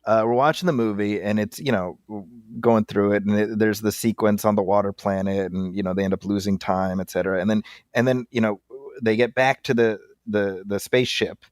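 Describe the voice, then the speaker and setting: A man's voice: lowish voice, steady tone, a little fast, hardly any pauses, dry recording, clean studio sound. A man co-hosting a film podcast in casual chat, rambling with many fillers and restarts. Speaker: podcast co-host.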